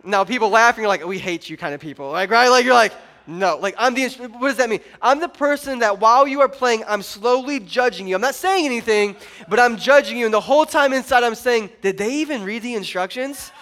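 A man preaching a sermon to his congregation, joking and animated, often rising to loud emphasis. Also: very high voice, fast talker, hardly any pauses. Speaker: pastor.

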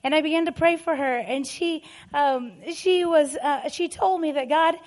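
A woman's voice: sits high, normal speed, darkish tone. A middle-aged woman preaching a sermon, telling personal stories emphatically and laughing often.

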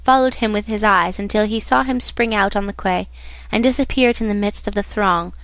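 A woman's voice: mid-range voice, a little fast, a bit bright, dry recording. Woman narrating an audiobook. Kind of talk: scripted narration.

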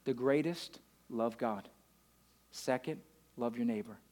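A man preaching a sermon as a pastor, swinging from loud declarations down to hushed storytelling. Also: medium pitch, slow pace.

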